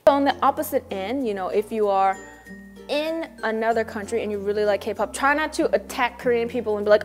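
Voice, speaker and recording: A woman's voice: medium pitch, quick pace, a little mellow, faint music behind. A young American woman vlogging casually to camera, chatty and slangy, mimicking people she quotes. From United States. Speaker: vlogger living in Korea. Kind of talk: casual vlog talk to camera.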